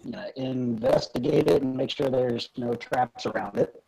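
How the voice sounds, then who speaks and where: A man's voice: medium pitch, normal speed, creaky, warm tone, slight background noise, poor audio. A man playing a tabletop game, casual and playful. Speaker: player.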